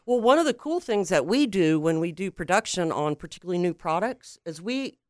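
A woman guest on a radio talk show, explaining her company's products in a friendly, steady, sales-like way. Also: fairly low pitch, a little fast, dry recording, clean studio sound. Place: radio studio.

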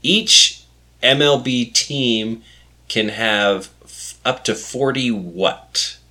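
A man's voice: mid-range voice, extremely slow, bright, forceful tone. A man in his forties hosting a casual quiz chat, laid-back and laughing often. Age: 40s. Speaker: quiz host.

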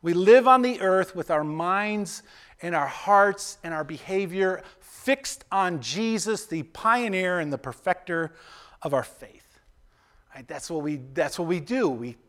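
Guy pastor with a high-ish voice, casual sermon, keeps saying right?. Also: expressive, a little slow, a bit bright. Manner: conversational, keeps asking "right?", acts out quotes with playful voices.

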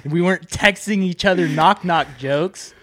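A man's voice: high-pitched, moderate pace, fairly bright tone. A young college-student man in casual podcast chat, opinionated and ranting, with frequent swearing. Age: young adult.

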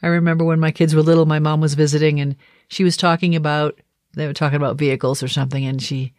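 Her deep, darkish voice is delivered flatly and fast, with no echo and studio quality. She's a middle-aged woman from the Boston area, Massachusetts, chatting in a casual daily video diary with light laughs and a faint, mostly softened Boston accent.

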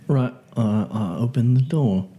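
A man's voice: mid-range voice, a little slow, dark tone. A man playing in a tabletop game, hesitant and stammering at times. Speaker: player.

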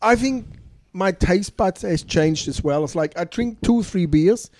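A man's voice: high-pitched, unhurried, darkish tone, dry recording. A man in his fifties chatting loosely on a community radio show, rambling and laughing easily. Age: 50s. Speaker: radio co-host. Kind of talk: casual radio banter.

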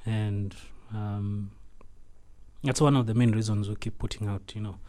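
Guy in a radio studio, low voice, soft and mellow, lots of ums. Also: steady tone. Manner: halting, thoughtful, many fillers. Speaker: animation studio founder, guest. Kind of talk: radio interview.

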